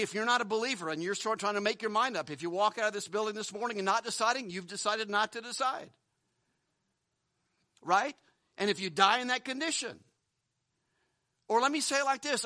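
A man's voice: high-pitched, pushed and bright, no room sound. Male pastor, earnest sermon delivery, repeats words, close and dry sound. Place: church building.

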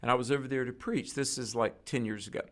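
A guest preacher tells a story in conversation, acting out the quoted lines of each person in it with animation. His voice is mid-range, and he speaks fast.

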